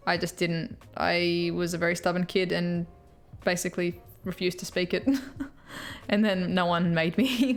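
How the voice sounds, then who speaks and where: A woman's voice: fairly low pitch, vocal fry. A young Australian woman chatting on a live stream, answering viewer comments and laughing often. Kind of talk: casual live-stream chat. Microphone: headphones with mic.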